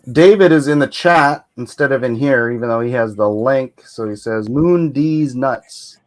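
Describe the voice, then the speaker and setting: A man's voice: medium pitch, normal speed. A man hosting a casual livestream chat on a computer mic, rambling and laughing often. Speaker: livestream host. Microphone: computer mic on a video call.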